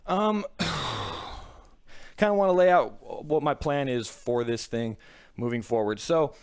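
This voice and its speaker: A man's voice: mid-range voice, expressive, takes it slowly, clear, resonant tone. A man hosting a live video podcast, out of breath and frazzled, chatting casually and swearing now and then. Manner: frazzled, swearing, talks to chat. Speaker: podcast host. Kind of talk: casual live-stream chat.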